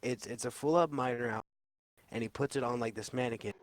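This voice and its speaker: A man's voice: medium pitch, fast talker. A young man co-hosting a casual movie review chat, laid-back, retelling a film scene. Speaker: podcast co-host.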